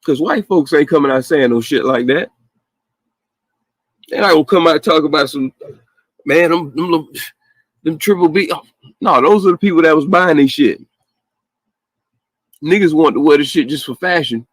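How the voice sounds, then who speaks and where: A man's voice: on the high side, moderate pace, long pauses, no room sound. Profane ranting man, dry close sound. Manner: profane, animated ranting with laughs. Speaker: call-in show host. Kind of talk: casual late-night call-in rant.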